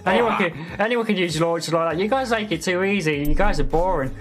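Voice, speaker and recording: A man's voice: high-pitched, moderate pace, loud music behind the voice. A man streaming a multiplayer game live, mocking the other team with repeated taunts and frequent laughs. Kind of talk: live gameplay commentary.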